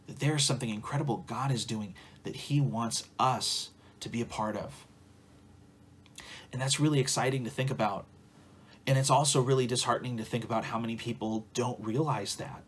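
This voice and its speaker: A man's voice: medium pitch, steady tone, moderate pace, breathy edge. A man preaching an earnest, encouraging sermon as a pastor, repeating phrases for emphasis and closing in prayer.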